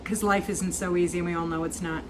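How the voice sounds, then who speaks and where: A woman's voice: lowish voice, fairly even intonation, fast, noisy background. A woman hosting a casual cooking vlog, homey and talkative, repeating herself and humming as she tastes. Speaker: cooking vlogger.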